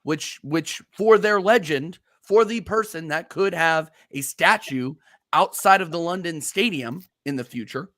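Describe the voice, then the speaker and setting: A heated man talking football on a casual show, launching into an angry rant and doubling up words as he goes. His voice sits on the higher side. The sound is dry and close, with no room echo. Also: a little slow, fairly bright tone. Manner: heated, ranting, repeats words when worked up. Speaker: co-host of a football podcast. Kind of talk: casual chat.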